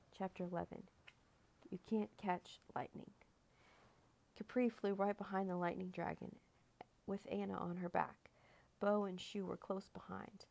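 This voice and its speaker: A woman's voice: lowish voice, gravelly, darkish tone. A woman reading a children's chapter book aloud as narrator, giving the characters slight lifts in her own voice. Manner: reads all characters in a near-natural voice with small lifts.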